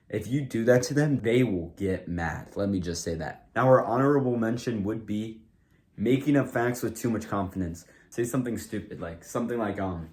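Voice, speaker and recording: A man's voice: lowish voice, a little mellow. A man giving casual advice to a camera in a rambling, filler-heavy way, full of "like" and restarts. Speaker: comedy video creator.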